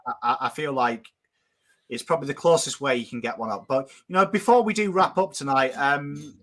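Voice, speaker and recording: A man hosts a loose football talk show with a bright, forceful voice. He talks in quick, animated bursts and swears casually as he goes. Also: medium pitch. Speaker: podcast host. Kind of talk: casual footy chat.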